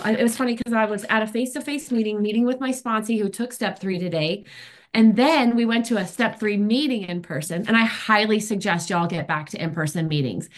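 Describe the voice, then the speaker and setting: A woman, sharing her recovery story at a meeting in a candid, emphatic, chatty way. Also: mid-range voice. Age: 50s. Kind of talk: personal recovery share.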